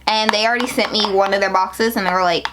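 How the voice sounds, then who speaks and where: A young woman unboxing her new business packaging in a casual vlog, excitable and emotional, talking in slang. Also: medium pitch, fast, background noise. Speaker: beauty business owner.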